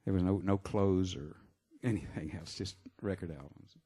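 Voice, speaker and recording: A man, a singer-songwriter, chatting between songs at a live show in a halting, rambling way with many fillers. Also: low voice, mellow, husky. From Texas. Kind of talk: stage banter between songs. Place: live music venue. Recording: live concert with guitar playing. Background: guitar music.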